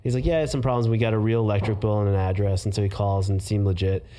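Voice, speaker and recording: A man's voice: lowish voice, quick pace. A man who is a comedy writer, telling stories in casual podcast chat and acting out bits as he goes. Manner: animated, acts out bits while telling stories.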